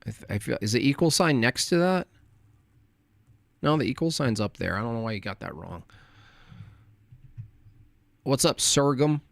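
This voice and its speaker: A man's voice: medium pitch, lively intonation, moderate pace, vocal fry, long pauses, dry recording. A man streaming live, reading his chat aloud and answering it with sarcastic, combative mockery.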